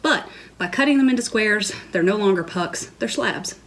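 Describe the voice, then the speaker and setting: A woman's voice: medium pitch, animated, normal speed, a bit bright, rough recording. Playful woman teaching a recipe. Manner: playful, self-mocking asides. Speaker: cooking vlogger. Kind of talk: cooking tutorial. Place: home kitchen.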